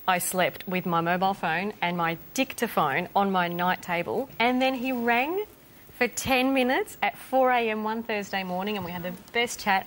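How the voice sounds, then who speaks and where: A woman's voice: medium pitch, fairly bright tone, a little hiss or hum. A woman, a music journalist, telling an enthusiastic anecdote about a long-awaited interview. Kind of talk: anecdote on a panel show.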